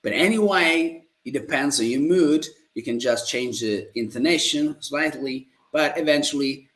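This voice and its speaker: A man from Italy with an Italian accent, teaching Italian in a live-streamed lesson, repeating phrases slowly and staying upbeat and positive. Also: mid-range voice, animated, a bit bright. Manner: slow, drawn-out model phrases repeated for learners.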